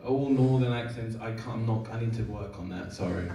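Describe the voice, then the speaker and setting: A man speaking as a screenwriter and actor at a festival Q&A, telling lively anecdotes in a self-deprecating, apologetic way. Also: on the low side, a little fast, a crowd in the background. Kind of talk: festival Q&A panel answers. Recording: echoey hall, distant mic, clear noise.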